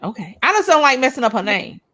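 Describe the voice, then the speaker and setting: A woman's voice: high voice, very animated, fast, bright, forceful tone. A woman co-hosting a casual chat show, blunt and outspoken, swearing freely and repeating her points for emphasis. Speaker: co-host of a couples' YouTube channel.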